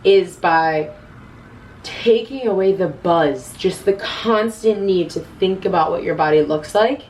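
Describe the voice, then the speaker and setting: A woman's voice: lowish voice, unhurried, a little mellow, recorded from a distance, a little hiss or hum, low-quality recording. A woman in her twenties giving casual self-love advice to camera, earnest and chatty, often quoting her own inner voice.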